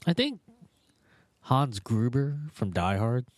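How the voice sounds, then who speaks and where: A man in casual podcast chat, speaking haltingly with fillers and laughing mid-sentence. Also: mid-range voice, wildly swooping pitch, no echo, studio quality.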